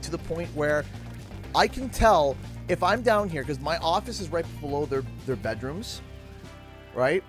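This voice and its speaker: A man in his thirties from Canada chats casually during a livestream, sitting in his home office. His voice sits a bit high, and he wanders through rambling stories with frequent chuckles. Game music plays clearly behind him. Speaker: gaming streamer.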